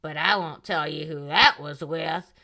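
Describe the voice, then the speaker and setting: A woman's voice: low-pitched, creaky, sharp tone, pitched below the performer's own voice, exaggerated voice. A woman mimicking a slurring tipsy TV star. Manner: slurred, slow, sing-song.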